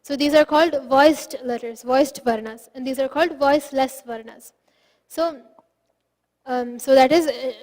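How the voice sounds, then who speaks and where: High-voiced woman teaching phonetics, echoey. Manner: patient, explains step by step, demonstrates syllables aloud. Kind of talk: online class explanation.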